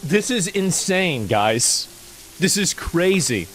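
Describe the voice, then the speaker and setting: A man's voice: fairly high pitch, sing-song, slow, a bit bright, slight background noise. A man casually chatting on a livestream, reading posts aloud and answering chat in a rambling, mocking, profane way. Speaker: streamer.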